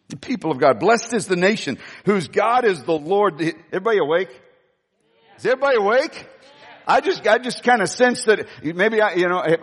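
Passionate male preacher in a reverberant hall. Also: a little high. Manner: passionate, emphatic scripture reading. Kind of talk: sermon.

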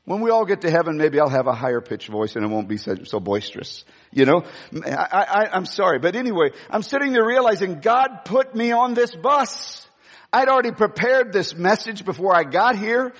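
A boisterous man preaches a sermon, acting out every quote as he tells his story. His voice sits high and a bit husky. It rings with the long reverb of a large hall. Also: lively intonation, moderate pace, fairly bright tone.

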